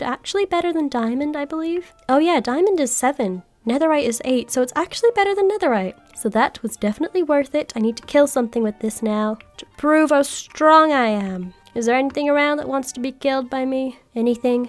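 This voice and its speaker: A woman giving chatty, excitable gameplay commentary, often squealing when startled. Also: high voice. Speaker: gaming video creator.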